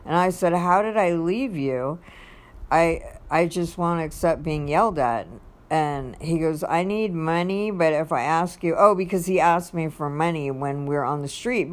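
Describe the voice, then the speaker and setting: A woman with a notably low voice tells a personal story in a casual, rambling way. She reads out text messages one after another, with plenty of ums and restarts along the way. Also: normal speed. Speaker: vlogger.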